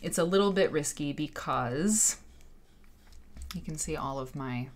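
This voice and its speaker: A woman in her thirties hosting a quilt livestream, animated and exasperated, with sarcastic asides. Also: low voice, measured pace. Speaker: quilt show host. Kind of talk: livestream talk. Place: home studio with green screen.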